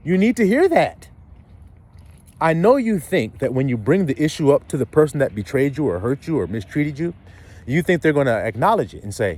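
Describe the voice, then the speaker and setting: A man's voice: a little high, big pitch swings, brisk, darkish tone. Guy preaching, swears a lot, voice swoops up and down, hits the crowd with questions. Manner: blunt, profane street preaching with rhetorical questions. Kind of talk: sermon.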